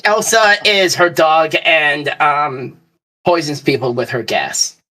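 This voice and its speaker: A man's voice: a little high, takes it slowly, sharp tone, poor audio. A man co-hosting a podcast, reading out a joke message and laughing in casual chat. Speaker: podcast co-host.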